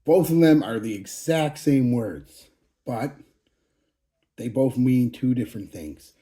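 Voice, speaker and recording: Gruff, rambling man with a dark voice. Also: mid-range voice, lively intonation, slow. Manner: rambling, blunt, profane, frequent restarts. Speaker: fragrance channel host. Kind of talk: casual channel update monologue.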